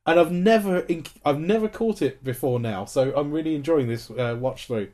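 A man from Britain co-hosting a podcast in casual chat, jokey, with quick asides and a lot of laughter. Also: on the high side, lively intonation, mellow. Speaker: podcast co-host.

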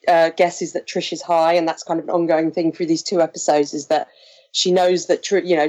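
Low-pitched woman recapping chattily. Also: darkish tone. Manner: chatty, laughs often, recaps with many fillers. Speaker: podcast co-host recapping episodes. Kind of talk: casual chat.

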